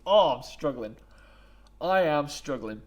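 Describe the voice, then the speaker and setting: A man's voice: lowish voice, measured pace, a bit bright. A man commenting on a game playthrough in a chatty, emotional way, laughing and moved as he wraps up. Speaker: gaming YouTuber.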